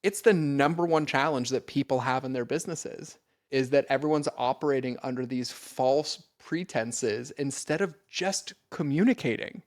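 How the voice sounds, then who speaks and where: A man's voice: medium pitch, normal speed, dry recording, studio quality. A man talking as a podcast guest, earnest and direct, speaking casually with lots of "like" and the odd swear, often addressing listeners straight on. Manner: casual, peppered with "like" and mild swearing.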